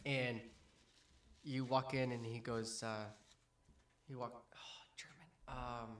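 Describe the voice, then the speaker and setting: Game master, male: slow, hesitant scene-setting narration for a tabletop game. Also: mid-range voice, little pitch movement, fairly bright tone. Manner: hesitant, many ums and restarts.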